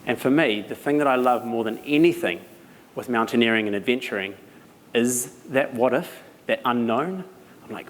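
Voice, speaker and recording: A young man from New Zealand with a New Zealand accent, giving an animated storytelling talk at a live event, laughing as he goes. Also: medium pitch, moderate pace. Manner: animated, laughing as he tells stories. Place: event venue. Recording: reverberant hall, some noise.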